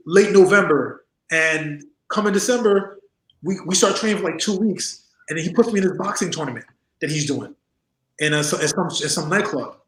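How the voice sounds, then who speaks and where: Man in his 40s spinning wild stories, does all the voices, laughs a lot, roomy echo. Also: a little high. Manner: animated storyteller, acts out voices, laughs often. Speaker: interview guest, former wrestler. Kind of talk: casual storytelling interview.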